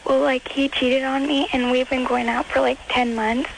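A teenage girl calls in with a high, childlike baby voice and a gravelly, creaky edge. She talks hesitantly, filling her sentences with "like". The call comes through with clear background noise. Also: level tone, normal speed. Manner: hesitant, lots of "like" fillers. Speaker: caller. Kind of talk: phone-in call.

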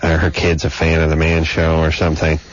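A man's voice: very deep voice, completely flat delivery, brisk, dry recording. A man co-hosting a radio call-in show, tired from no sleep, riffing loosely and mocking with blah-blah impressions. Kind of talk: casual radio banter. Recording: dull lo-fi radio audio.

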